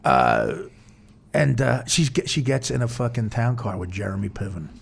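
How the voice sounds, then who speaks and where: A man's voice: mid-range voice, big pitch swings, normal speed, creaky, slightly rough. A middle-aged man hosting a podcast, telling crude stories in casual chat and laughing often. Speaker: podcast host.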